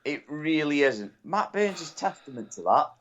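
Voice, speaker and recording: A man's voice: fairly high pitch, sing-song, moderate pace, fairly bright tone. A man co-hosting a podcast, telling crude jokes and stories in casual banter. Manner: crude, joking, storytelling. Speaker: podcast co-host. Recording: dull lo-fi sound.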